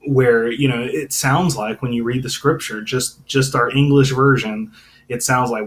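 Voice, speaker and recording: A man explains a scripture passage informally, as if working it out as he talks. His speech is loose and conversational, full of pauses and fillers. His pitch sits in an ordinary middle range. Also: fairly even intonation, poor audio. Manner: casual, thinking aloud, many fillers and restarts. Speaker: Bible teacher. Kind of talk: informal Bible teaching.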